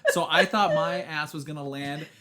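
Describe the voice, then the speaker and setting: A young adult man co-hosting a podcast, telling a story in casual chat, animated and laughing, with lots of "like" and acted-out quotes. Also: a little high, normal speed. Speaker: podcast co-host.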